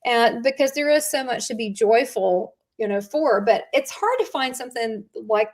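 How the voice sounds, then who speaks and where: A woman in casual conversation, talking warmly about spiritual practice and stories, often restarting her sentences with fillers. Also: fairly high pitch, expressive, moderate pace. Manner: chatty storyteller with frequent fillers and restarts.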